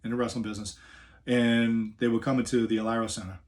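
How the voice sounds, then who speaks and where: A man's voice: mid-range voice, flat delivery, fast, slight background noise. A middle-aged man from the New Orleans area with a New Orleans accent, a wrestler telling a story in a laid-back, rambling way with many fillers. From New Orleans area, USA. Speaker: professional wrestler. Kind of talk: casual storytelling.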